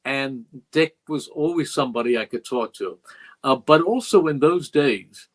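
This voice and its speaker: A man's voice: mid-range voice, moderate pace, rough recording. An older man, a veteran radio play-by-play broadcaster, telling stories earnestly in an interview and acting out quoted dialogue. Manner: earnest, reflective storyteller who acts out quoted dialogue. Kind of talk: interview storytelling.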